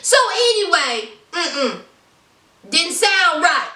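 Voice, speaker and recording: A woman's voice: extremely high pitch, big pitch swings, slow, pushed and bright. A woman hosting a podcast, giving a sassy, chatty recap of a reality show and talking straight to her listeners. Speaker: podcast host. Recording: roomy, distant from mic.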